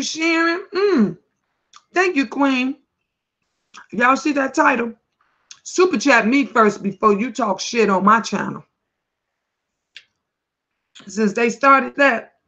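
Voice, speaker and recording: Slow-talking woman on a livestream. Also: on the high side, lively intonation, sharp tone. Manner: slow, drawling, chatty, greets viewers by name. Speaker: livestream host. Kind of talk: casual live chat while eating. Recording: dull lo-fi livestream audio.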